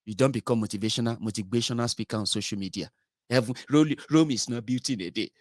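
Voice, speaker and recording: A man's voice: medium pitch, fast, a little mellow, no room sound. Sardonic Nigerian man, dry close sound. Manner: sardonic, mixing in pidgin and Yoruba. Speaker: political commentator. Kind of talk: casual vlog commentary.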